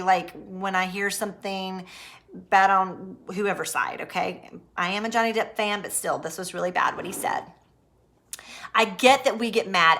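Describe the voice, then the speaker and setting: Bright-voiced woman musing earnestly. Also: medium pitch. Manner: earnest, rambling, reflective. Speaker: narcissistic abuse recovery channel host. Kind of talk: personal opinion commentary.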